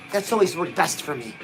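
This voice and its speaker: A man's voice: on the high side, rough recording. A man giving a punchy, exhorting motivational pep talk to his viewers, dropping frequent "oh"s as he talks. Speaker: motivational livestream host.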